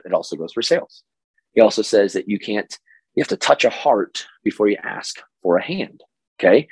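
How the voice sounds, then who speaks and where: A hoarse man from Oklahoma hosting a casual solo podcast as a coach, energetic and stammering on repeated words. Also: on the low side, no room sound, rough recording. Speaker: podcast host and business coach.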